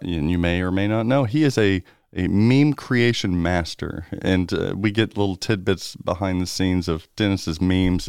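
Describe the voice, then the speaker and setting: A man's voice: low voice, clean tone, no echo, clean studio sound. A man co-hosting a pinball podcast, reading a show rundown and then bantering casually. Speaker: podcast co-host.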